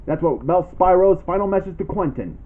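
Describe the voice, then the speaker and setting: High-pitched indignant man on lo-fi audio. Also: lively intonation, fairly quick. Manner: indignant, accusatory, repetitive. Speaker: channel host making a callout video. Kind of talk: ranting callout vlog, reading posts aloud. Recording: dull lo-fi sound.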